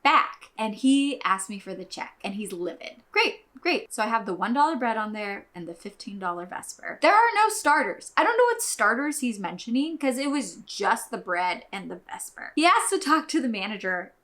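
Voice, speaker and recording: Podcast host, woman, slightly high bright tone, blunt and exasperated with swearing, casual storytelling. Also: big pitch swings, normal speed, hardly any pauses.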